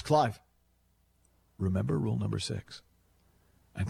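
Deep gravelly male radio host. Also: moderate pace. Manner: playful storytelling, animated asides. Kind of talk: conversational radio monologue.

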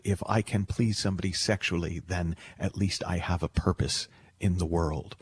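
A man hosting a radio call-in show, talking earnestly and reflectively and slowing down for emphasis. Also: low-pitched, slightly rough. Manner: earnest, storytelling, slows for emphasis. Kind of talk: reflective radio talk on love.

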